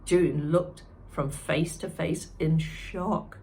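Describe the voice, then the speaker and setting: A woman teacher reading a chapter book aloud expressively, pausing to comment to her listeners. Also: deep voice, fairly even intonation, vocal fry, warm tone. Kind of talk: storybook read-aloud.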